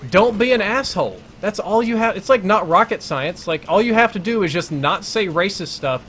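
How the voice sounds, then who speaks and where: A man's voice: high-pitched, animated, moderate pace, a bit bright, a little hiss or hum. A man streaming live gameplay, telling a long crude story in a rambling, self-interrupting way. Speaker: gaming streamer.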